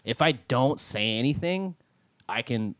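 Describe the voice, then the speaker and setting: A man co-hosting a podcast, trading crude banter in a drawling deadpan way. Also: mid-range voice, measured pace, no room sound. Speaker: podcast co-host.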